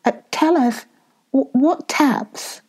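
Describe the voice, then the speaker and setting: A woman voicing an eager young girl with a raised, pleading voice. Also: unhurried. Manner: bright, pleading, higher voice.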